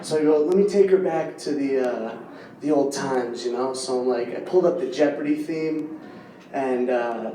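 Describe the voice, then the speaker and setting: A man performing a stand-up comedy set, telling a story that drops quiet and then bursts into loud yelps. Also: medium pitch, moderate pace, reverberant, distant mic, slight background noise. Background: audience laughter.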